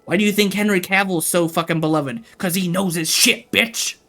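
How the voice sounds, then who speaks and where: A man's voice: high voice, fairly even intonation, moderate pace, sharp tone. A man livestreaming, ranting casually and profanely to his chat.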